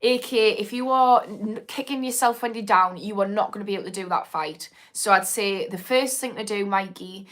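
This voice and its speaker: A woman's voice: medium pitch, fairly quick, few pauses, a bit bright. A woman, an addiction therapist hosting a casual live-stream Q&A, speaking frankly with swearing and frequent ums. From Newcastle, north of England. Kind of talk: live-stream Q&A, reading viewer comments.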